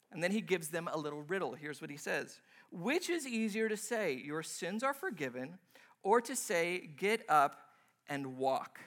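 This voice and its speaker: Young male pastor, high bright voice, loose joking sermon delivery, acts out scenes.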